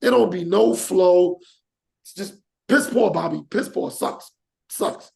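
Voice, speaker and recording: Gravelly high-voiced man ranting on a podcast. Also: slow pace. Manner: animated, rants with acted-out examples. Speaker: podcast host. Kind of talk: casual podcast chat.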